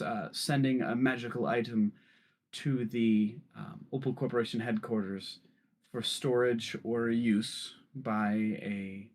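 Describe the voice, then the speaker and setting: A man doing a slow, formal company official. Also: medium pitch.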